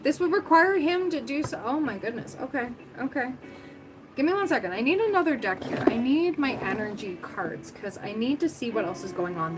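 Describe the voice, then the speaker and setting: A fairly high-voiced woman reads tarot cards on a livestream, chatting loosely and thinking out loud as she goes. Music plays clearly underneath her voice. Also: poor audio. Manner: chatty, filler-heavy, thinking aloud. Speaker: tarot reader.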